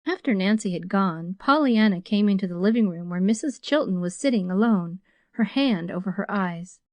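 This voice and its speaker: A woman's voice: mid-range voice, lively intonation, no room sound, dull audio. Woman reading a storybook, dry sound. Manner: measured storytelling. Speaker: audiobook narrator. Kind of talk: scripted narration.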